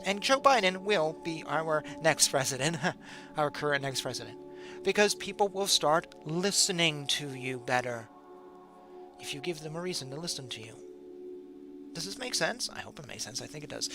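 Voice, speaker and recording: A middle-aged man hosting a casual monologue, talking straight to his audience with lots of rhetorical questions. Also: a little high. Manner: conversational, rhetorical questions, chuckles. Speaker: political commentary host. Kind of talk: casual direct-to-camera monologue.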